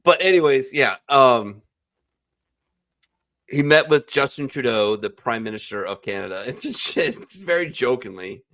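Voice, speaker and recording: A man's voice: mid-range voice, lively intonation, unhurried, fairly bright tone. A man hosting a casual online chat among veterans, blunt and profane, rambling through his opinions over a video call. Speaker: podcast host. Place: home, virtual call.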